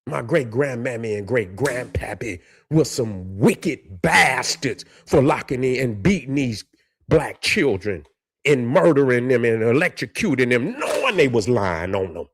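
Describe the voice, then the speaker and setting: A man's voice: medium pitch, big pitch swings, a little slow, husky. A man hosting a commentary vlog. He rants heatedly and swears a lot, stumbles over words, and reads case histories aloud between outbursts. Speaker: commentary channel host.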